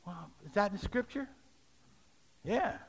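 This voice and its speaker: A middle-aged man preaching a sermon, leading call-and-response and rising to shouts. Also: sits high, animated, takes it slowly. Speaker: pastor.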